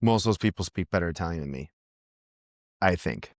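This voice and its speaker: Laid-back American man, low voice. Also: brisk, no room sound, studio quality. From United States. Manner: relaxed, laughs often, swears casually. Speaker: podcast guest. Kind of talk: casual chat.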